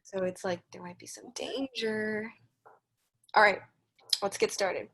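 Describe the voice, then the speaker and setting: Reading a picture book to young kids on a video call, a woman speaks at medium pitch, animated and with a breathy edge. She keeps the pace slow and careful and drops in encouraging asides.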